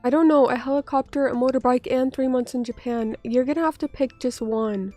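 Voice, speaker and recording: A woman's voice: high-pitched, fairly even intonation, brisk, dark tone, dry recording, soft background music. A woman streamer who is still getting over an illness, chatting casually with viewers, reading their comments aloud, joking at her own expense and swearing now and then. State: still sick, recovering from illness. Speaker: vtuber streamer.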